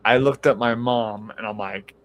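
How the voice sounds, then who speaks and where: A man hosting a live-streamed podcast, telling a story in a casual, animated way, swearing freely and acting out the voices of the people in it. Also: fairly low pitch, normal speed, lo-fi sound, slight background noise. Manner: animated, profane, acts out quoted voices. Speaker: podcast host.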